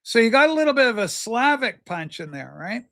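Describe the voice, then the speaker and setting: A man with a high, bright voice hosts a casual livestream from home. He rambles and jokes, answering chatters by name. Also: sing-song, fairly quick. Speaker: livestream host. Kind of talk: casual livestream chat reading viewer comments.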